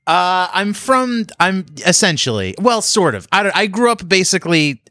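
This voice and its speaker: A man chimes in with short, wry reactions in a casual podcast chat. His voice sits a little high and moves around a lot in pitch. The recording is dry and close. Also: sing-song, pushed and bright, no echo. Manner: quick reactive interjections, wry.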